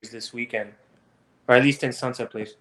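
A man on a podcast panel with a mid-pitched voice. He makes offhand, wry comments in a relaxed chat. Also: fairly quick, rough recording. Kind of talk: casual chat.

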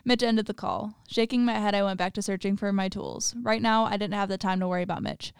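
A woman reads a horror story aloud and drops into casual, giggly commentary full of filler words. Her voice is smooth and crisp, recorded dry and close with no room sound. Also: medium pitch, fairly even intonation, brisk, no room sound. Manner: laughs often, chatty asides with lots of "like". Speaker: story reader.

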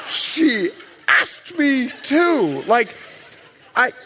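A man preaching with a high voice that leaps up and down. He is a middle-aged pastor who tells jokey stories from home life and acts out the lines of each person in them. His delivery is animated and playful. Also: slow pace, heavy background noise. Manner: humorous storytelling, acting out quoted dialogue. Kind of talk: sermon.

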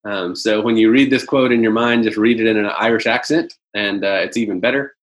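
A man presenting a business webinar over a video call, talking in a halting way with many "um"s and "uh"s. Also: fairly low pitch, steady tone, rough recording.

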